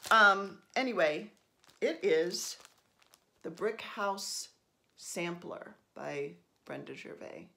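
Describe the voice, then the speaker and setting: A middle-aged woman from New Jersey talks over her stitching with a lowish voice, wandering off topic and teasing herself. Her ums come often and she never hurries. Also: expressive, takes it slowly, creaky, pushed and bright. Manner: rambling, self-deprecating, lots of ums. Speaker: stitching vlogger. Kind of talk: casual chat while stitching.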